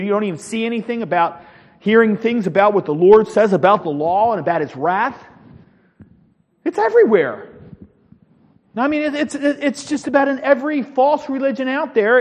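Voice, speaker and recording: High-voiced man teaching Bible class. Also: in a large hall. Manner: earnest, rambling, asks the class questions. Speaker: Sunday school teacher.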